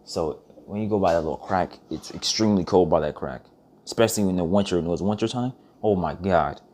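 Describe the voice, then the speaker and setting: A man's voice: low-pitched, brisk, darkish tone. A young man telling rambling, profane stories in a casual vlog monologue, often restarting his sentences. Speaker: vlogger.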